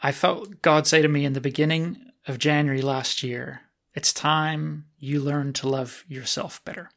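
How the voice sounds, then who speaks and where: A man's voice: fairly high pitch, fairly even intonation, a little slow, vocal fry, a bit bright. A man in his thirties hosting a podcast, talking frankly about himself and laughing often. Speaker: podcast host. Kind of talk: candid podcast talk.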